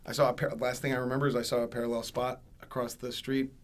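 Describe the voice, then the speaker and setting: A man hosting a podcast who tells a personal story in casual chat and gets loud when he acts out other people. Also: medium pitch, level tone, fast talker. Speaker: podcast host.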